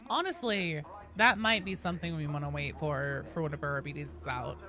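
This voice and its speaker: A young woman streaming a game, chatting casually and greeting viewers with bursts of excitement. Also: sits low, fairly quick. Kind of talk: casual gaming stream chat.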